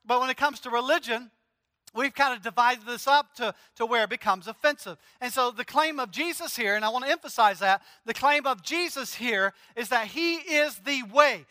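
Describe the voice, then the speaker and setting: A man's voice: very high-pitched, normal speed, sharp tone. A man preaching a sermon as pastor, earnest and emphatic, driving points home through repetition. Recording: long hall reverb.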